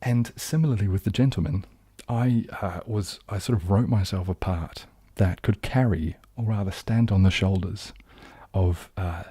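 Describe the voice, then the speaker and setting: A young New Zealand man with a low, dark, husky voice and an accent that drifts toward southern English. He chats casually on a live stream, rambling through ums and false starts in a self-deprecating way. The sound is close and dry. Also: moderate pace, dry recording. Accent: New Zealand, leaning southern English. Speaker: ASMR streamer hosting a live chat.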